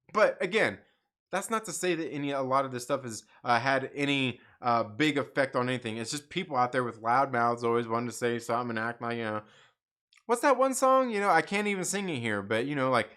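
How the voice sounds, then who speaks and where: A man's voice: medium pitch, fairly bright tone. A man hosting a live stream, ranting casually and rambling with lots of fillers, frequent laughs and swearing. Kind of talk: casual opinion rant.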